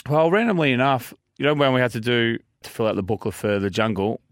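A man's voice: medium pitch, quick pace, no room sound, studio quality. A young Australian man chatting casually, rambling and joking with lots of fillers. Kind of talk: casual chat.

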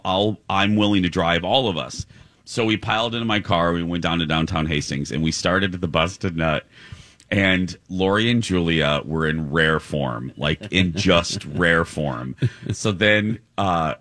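A man co-hosting a radio show, telling a lively story and mimicking high voices. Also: no echo. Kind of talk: storytelling banter.

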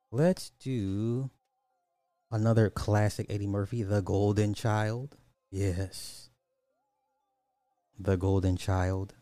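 A man's voice: on the low side, dark tone, clean tone, no room sound, clean studio sound. A man hosting a podcast, giving casual, sarcastic commentary and thinking aloud as he looks up numbers. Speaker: podcast host.

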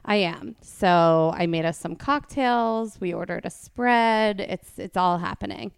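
Young woman from New Jersey, bubbly giggly podcast host, smooth voice, dry sound. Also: mid-range voice, unhurried, no echo. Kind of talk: casual chat. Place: at a friend's home.

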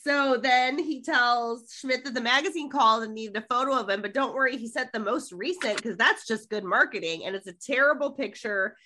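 A middle-aged woman co-hosts a casual podcast, walking through an episode scene by scene. Her voice sits a little high and rings bright. She slips into the characters' lines as she retells them. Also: a little fast, few pauses. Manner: animated storytelling, quotes lines from the show. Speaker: podcast co-host. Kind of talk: casual episode recap chat.

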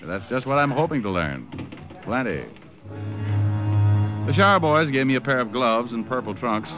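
A wisecracking private eye, played by a man, with a lively voice that swings up and down, full of dry, sarcastic quips. It comes through a dull, lo-fi old radio recording with music playing behind him. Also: medium pitch, moderate pace, natural voice. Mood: wry. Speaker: narrator and lead. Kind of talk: 1950s radio drama acting.

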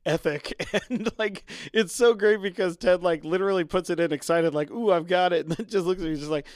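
Man, casual podcast co-host, chuckling recaps, dry close sound, smooth resonant voice. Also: high-pitched, fairly quick, dry recording. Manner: chuckles often while retelling scenes. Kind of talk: casual chat recapping a TV episode.

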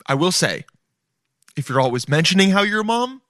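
A man's voice: high-pitched, very animated, a little fast, a bit bright, dry recording, clean studio sound. A man hosting a podcast in a casual, rambling comedic monologue, swearing freely and calling listeners dude. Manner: profane, rambling, chummy, says dude a lot. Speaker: podcast host.

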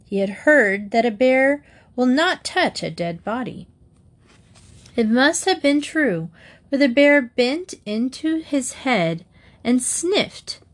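Slow, measured woman reading fables. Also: high voice, sing-song. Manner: gentle, measured reading with moral endings. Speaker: storyteller. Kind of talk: scripted storybook narration.

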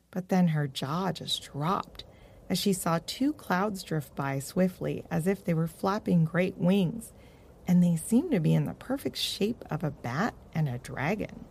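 A woman narrating a children's story in a gentle, expressive reading voice. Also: on the low side, measured pace, gravelly, slightly rough. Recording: dry close-mic recording.

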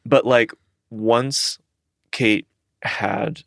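A man comedian chatting in an interview, relaxed and rambling with frequent restarts. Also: mid-range voice, extremely slow, no room sound, studio quality. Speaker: comedian, sketch co-creator. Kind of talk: casual interview chat.

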